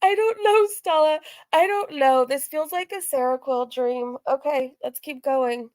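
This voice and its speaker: A woman's voice: high-pitched, measured pace, darkish tone, no echo. A woman hosting a reaction stream, talking in a giggly, bewildered, chatty way. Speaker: reaction channel host. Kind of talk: live reaction commentary.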